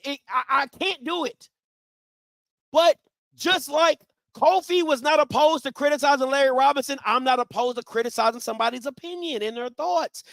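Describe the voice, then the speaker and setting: A very high-voiced man hosts a live stream, hammering points home by repeating himself and swinging from loud to soft. The sound is dry and close to the mic, with no room echo. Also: vocal fry. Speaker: live show host. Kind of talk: animated live-stream talk.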